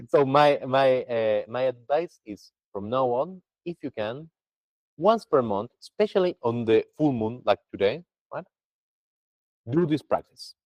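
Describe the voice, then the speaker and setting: A man's voice: mid-range voice, dry recording, low-quality recording. A man teaching a Buddhist practice to a group over a video call, chatty and full of restarts. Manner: lively, chatty, with many restarts.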